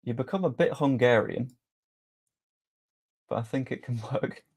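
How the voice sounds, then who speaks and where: A young man with a medium-pitched, darkish, slightly rough voice hosts a live-stream sweepstake draw at a measured pace. He's chatty and jokey, often poking fun at himself. The studio-quality recording has no echo.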